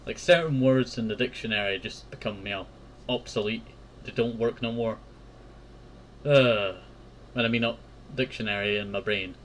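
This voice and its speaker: A man's voice: on the low side, normal speed, long pauses, a bit bright, slight background noise. A man hosting a casual game playthrough, reading aloud, stumbling over words and laughing at himself. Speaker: gameplay host.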